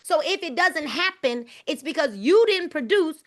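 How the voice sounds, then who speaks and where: Female book club host, fervent preacher-style delivery, high and lively pitch. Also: moderate pace. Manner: fervent, preacher-like, repeating phrases; casual informal speech. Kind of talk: preachy live book-club reading and commentary.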